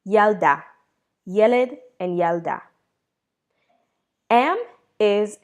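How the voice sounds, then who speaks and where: A woman with a voice on the low side teaches a beginner Hebrew lesson. She asks questions, pauses, then answers them herself with praise, slowing down to model each word.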